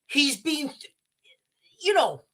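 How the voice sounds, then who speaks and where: A man hosting a livestream, giving impassioned, halting commentary with restarts and blunt swearing. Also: extremely high pitch, very animated, bright, forceful tone. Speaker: livestream host. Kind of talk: emotional live commentary.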